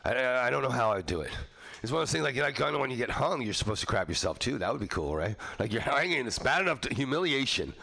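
A man's voice: mid-range voice, big pitch swings, fast talker, vocal fry, bright, forceful tone. A man hosting a radio show, rambling through crude, jokey banter with a guest. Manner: rambling, jokey, puts on silly voices in quotes.

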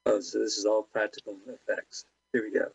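A man's voice: lowish voice, completely flat delivery, a little fast, creaky, husky, no echo, low-quality recording. A man co-hosting an internet radio show, cracking jokes and puns while watching a movie. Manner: wisecracking, trades jokes and puns. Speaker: podcast co-host. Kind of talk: casual movie commentary chat.

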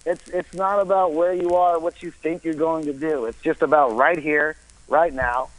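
Rambling, slightly high-voiced man philosophizing. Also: steady tone, moderate pace, poor audio. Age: 30s. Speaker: stand-up comedian. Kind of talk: casual chat.

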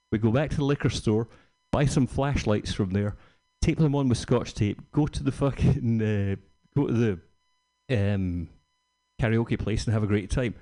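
A man's voice: mid-range voice, dark tone. A man doing a stand-up set, telling a rambling, profane anecdote and acting out the quotes. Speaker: stand-up comedian.

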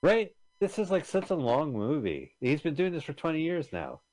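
A man's voice: a little high, normal speed. A man hosting a radio show, chatting casually about a film and retelling its scenes. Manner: animated, retelling scenes in quoted voices.

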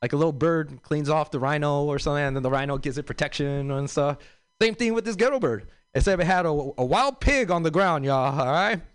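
A man's voice: a little high, lively intonation, a little fast, clean tone, no echo. A young man from Los doing a stand-up set, with a loose, rambling delivery full of fillers and asides. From South Central Los Angeles. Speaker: stand-up comedian.

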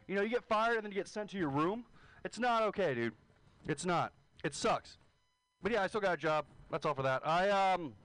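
A man's voice: sits high, a bit bright, dry recording, poor audio. A man doing crude, self-deprecating stand-up at a comedy venue. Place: comedy venue, live audience.

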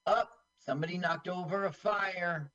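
A man co-hosting a casual watch-along chat, playful and joking, with a husky voice. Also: high voice, moderate pace, fairly bright tone, lo-fi sound. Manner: playful, doing silly put-on voices. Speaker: podcast co-host.

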